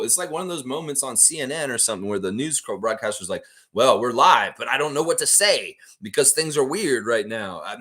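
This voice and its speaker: Guy hosting a stream, reads chat comments, rambles, pitch bounces all over, laughs a lot. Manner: rambling, animated, laughs often. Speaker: livestream host. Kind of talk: casual chat reading live comments.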